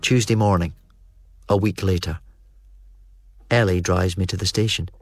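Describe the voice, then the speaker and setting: A man narrating a first-person novel as an audiobook, in a steady, even storytelling manner. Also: deep voice, normal speed, over music.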